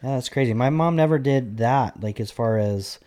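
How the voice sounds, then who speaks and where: A man in his thirties, a father, co-hosting a podcast in casual chat, blunt and crude with dark jokes. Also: mid-range voice, normal speed. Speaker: podcast co-host.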